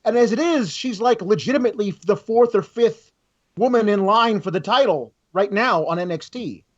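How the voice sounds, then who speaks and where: A man with a notably high voice co-hosts a casual review podcast over dull, lo-fi audio. He chats in an animated way and slips into quick put-on voices when quoting others. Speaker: podcast co-host.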